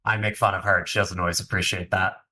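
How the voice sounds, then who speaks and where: A man's voice: deep voice, little pitch movement, quick pace, pushed and bright. A man from Long Island co-hosting a business podcast, chatting casually and thinking aloud with lots of asides. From Long Island, New York. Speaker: podcast co-host. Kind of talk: casual conversational podcast chat.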